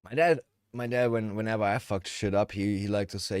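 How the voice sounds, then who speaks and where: A man's voice: lowish voice, fairly quick, darkish tone, clear, resonant tone, dry recording, clean studio sound. A man hosting a livestream, chatting casually and bluntly while paraphrasing a video, swearing and laughing now and then. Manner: narrates and paraphrases the clip. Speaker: livestream host.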